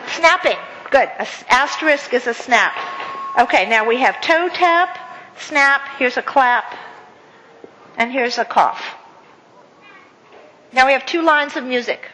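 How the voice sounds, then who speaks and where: A woman speaker leading an audience through a counting and clapping exercise, with many fillers and warm praise. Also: high-pitched, animated, moderate pace, long pauses, a little hiss or hum. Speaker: guest speaker. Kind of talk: interactive workshop talk. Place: event hall with audience. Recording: echoey hall with faint ambience.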